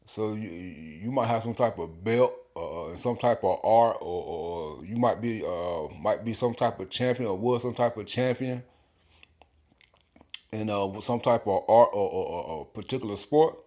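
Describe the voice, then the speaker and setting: A man's voice: lowish voice, a little slow, mellow. A man teaching scripture informally in his own videos, emphatic and slangy, often repeating words and chuckling. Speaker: bible teacher making videos.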